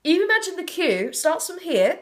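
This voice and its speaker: A woman from South West England telling stories in a casual interview, animated and theatrical, often laughing as she talks. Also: extremely high pitch, normal speed. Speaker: interview guest.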